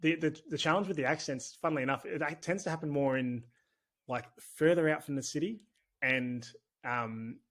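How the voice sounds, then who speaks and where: A man's voice: fairly high pitch, moderate pace, fairly bright tone. Chatty Australian man, podcast guest. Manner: chatty and candid, rambling with restarts. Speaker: podcast guest, business owner. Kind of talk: casual conversational interview.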